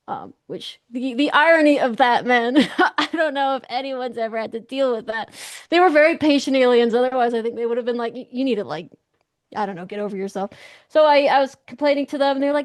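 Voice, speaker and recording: A young woman, a guest in an interview, telling a story in an animated, excitable way and acting out the voices she quotes. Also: on the high side, fairly quick, dry recording, studio quality.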